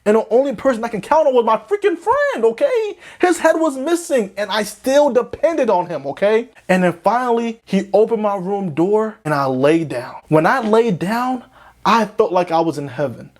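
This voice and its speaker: A young man from Florida telling a storytime tale in slangy talk, swinging between panicky high squeaks and low drawls. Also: expressive, normal speed. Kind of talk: animated storytime narration.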